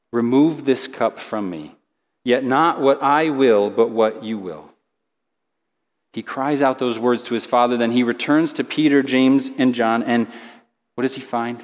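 Man preaching in a reverberant hall. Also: medium pitch. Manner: conversational preaching with asides. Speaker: pastor. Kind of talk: sermon.

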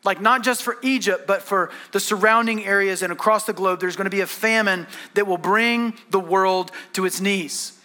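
Bright high-voiced man preaching a sermon. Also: moderate pace, hardly any pauses. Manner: animated storytelling, acting out characters' lines. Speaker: pastor.

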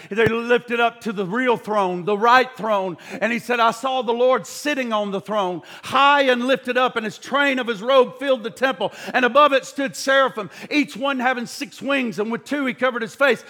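A man preaching a sermon with fervor, shouting the high points and sinking to a quiet, hushed voice for the solemn passages. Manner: impassioned, shouting at peaks, then dropping to a hushed low voice.

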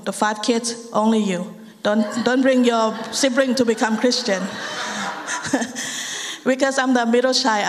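A young woman from Thailand with a Thai accent, speaking English as a second language. She gives an earnest personal testimony with halting phrasing and frequent restarts. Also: a little high. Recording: long hall reverb.

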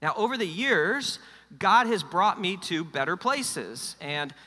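A middle-aged man, lead pastor, preaching a sermon with energetic humor and quiet, personal stretches. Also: high voice, takes it slowly. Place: church hall. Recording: long hall reverb.

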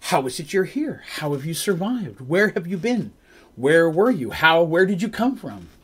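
Brief: excitable male dwarf paladin, put on by a male game master, rapid-fire questions, husky edge. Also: on the high side, pitched above the performer's own voice. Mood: astonished.

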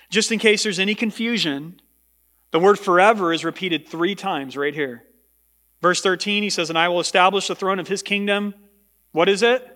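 A male pastor with a high-pitched, fairly bright voice preaches a sermon in a church sanctuary. He is emphatic and repeats words for stress, and the large hall gives a long reverb.

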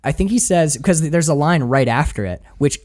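Animated casual man talking film. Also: fairly high pitch, normal speed. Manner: animated, quoting film lines in put-on voices; swears freely, loose and excited. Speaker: podcast co-host.

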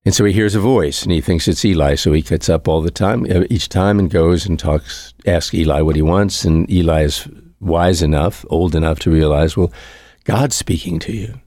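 A man's voice: low voice, steady tone, normal speed, darkish tone, dry recording, studio quality. A male priest delivering a conversational homily, reflective in tone and repeating his key phrases for emphasis.

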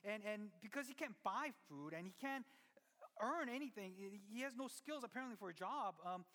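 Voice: medium pitch, lively intonation, a little fast, sharp tone. Preacher telling a story in a reverberant hall. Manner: conversational, with many restarts and asides to the listeners. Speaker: pastor. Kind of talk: sermon storytelling. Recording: long reverb of a large hall.

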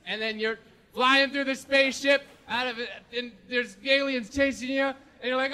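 High-voiced rambling stand-up man. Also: flat delivery, fast, sharp tone, clear, resonant tone. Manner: rambling, self-mocking, laughing often. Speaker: stand-up comedian. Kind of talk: stand-up set.

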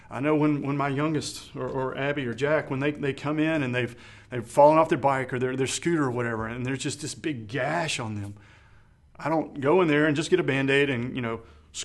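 A middle-aged man preaching a sermon, earnest and conversational, often restarting his phrases. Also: mid-range voice. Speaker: pastor.

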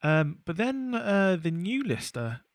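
A man's voice: sits high, big pitch swings, takes it slowly, no room sound. A man co-hosting a podcast, chatting casually and rambling with lots of restarts and fillers. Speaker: podcast co-host. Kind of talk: casual chat.

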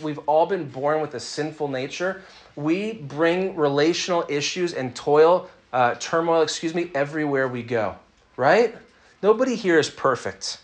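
Guy preaching to a crowd, chatty and jokey, voice a little high. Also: fairly bright tone. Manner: conversational, jokes with the audience, asks for raised hands. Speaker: pastor. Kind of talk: sermon.

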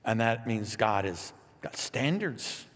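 Animated male pastor preaching in a church. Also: fairly low pitch, takes it slowly, big-room sound. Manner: animated, playful, reads scripture aloud with asides. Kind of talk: sermon.

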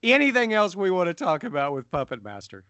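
A man hosting a casual film review podcast, chatty and quick to laugh, talking to listeners as folks. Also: sits high, huge pitch swings, pushed and bright, smooth, no room sound. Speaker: podcast host. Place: lived in the South.

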